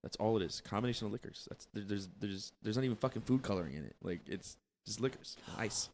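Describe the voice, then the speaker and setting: A man's voice: on the low side, animated, quick pace, darkish tone, slight background noise. Swearing man telling a bar story. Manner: profane, storytelling. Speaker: podcast co-host. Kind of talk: casual chat.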